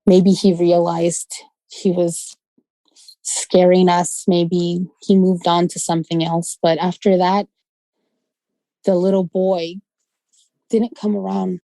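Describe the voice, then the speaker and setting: A woman's voice: on the low side, slow, long pauses, no room sound, low-quality recording. A woman telling a childhood ghost story in casual conversational speech, acting out the voices of the people she quotes. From West London. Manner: animated, acts out quoted voices. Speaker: guest storyteller.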